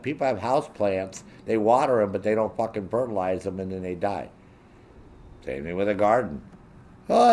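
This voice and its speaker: A show host with a low, darkish voice gives a profane, blunt rant, mimicking people in a raised voice. A slight hiss or hum sits under the recording.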